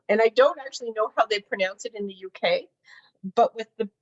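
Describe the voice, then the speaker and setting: A middle-aged woman demonstrating a craft project in casual chat, laughing often and filling pauses with "uh.". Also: on the high side, lo-fi sound. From Canada. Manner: chatty, laughs often, many fillers. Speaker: craft instructor.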